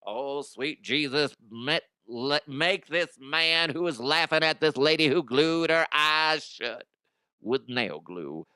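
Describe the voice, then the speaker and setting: A man's voice: fairly high pitch, slow pace, bright, forceful tone, smooth, dry recording, clean studio sound. A man playing a fiery preacher who calls down damnation in a solemn, pleading prayer. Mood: mock solemn.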